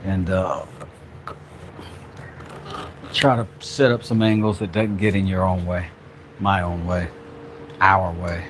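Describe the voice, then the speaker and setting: A man's voice: low voice, steady tone, slow, pauses often, slight background noise. A man hosting a casual workshop vlog, rambling playfully with jokey asides as he works. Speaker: craft channel host, father.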